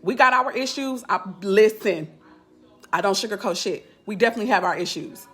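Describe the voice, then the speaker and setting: A woman's voice: mid-range voice, fairly quick, a bit bright, breathy edge. A woman life coach chatting casually on a live stream, candid and blunt in loose, slangy talk.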